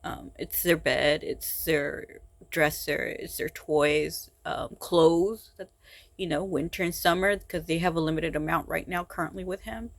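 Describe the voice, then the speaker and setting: A woman speaking in a personal vlog, tired and frustrated, talking haltingly with many sighs and restarts. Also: sits low, vocal fry, no room sound. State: exhausted and frustrated. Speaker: vlogger.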